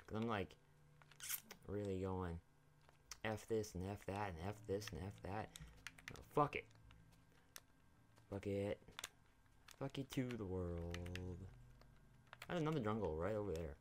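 A young man with a lowish voice rambles through his gameplay, swearing freely and chatting at the characters on screen. He talks into a desk mic at home. Faint hiss and keyboard clicks sit behind him. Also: unhurried, long pauses. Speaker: gaming YouTuber. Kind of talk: casual gameplay commentary.

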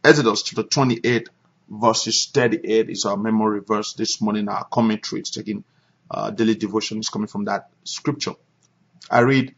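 A male pastor with a gravelly, husky voice leads prayer and a sermon. He hammers home his points by repeating them. The sound is dull and lo-fi, like a conference call recording. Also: on the low side, steady tone, moderate pace. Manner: emphatic, repeats phrases for stress.

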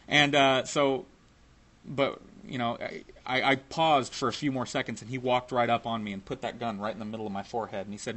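A man's voice: medium pitch, fairly quick, a bit bright. A man telling a personal story in a casual, profane way, laughing now and then.

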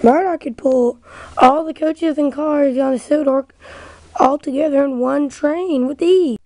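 A woman's voice: high voice, measured pace, darkish tone, dry recording. Duck, a woman voicing a sensible engine. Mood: firm. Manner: matter-of-fact, takes charge. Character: sensible, challenging male steam engine.

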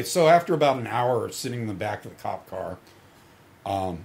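A middle-aged podcast guest tells crude, swaggering stories in casual conversation, acting out the quotes and laughing along. His voice is on the low side and a little mellow.

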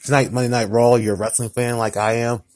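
A tired, upset man talking casually to camera in a vlog, halting and repetitive, often restarting his sentences. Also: medium pitch, little pitch movement, darkish tone. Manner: upset, ranting tone. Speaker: vlogger. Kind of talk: casual mukbang vlog talk.

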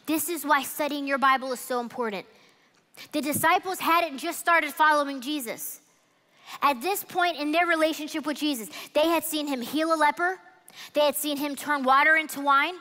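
A woman preaching a sermon at a church event, telling the story in an animated, conversational way. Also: high-pitched, moderate pace, long reverb tail. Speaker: women's ministry speaker. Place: church event hall with audience.

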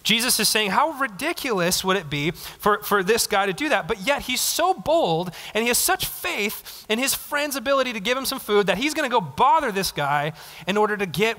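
A young man preaching a casual, conversational sermon, animated, acting out little quotes. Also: sits high, big-room sound. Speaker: pastor. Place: church sanctuary.

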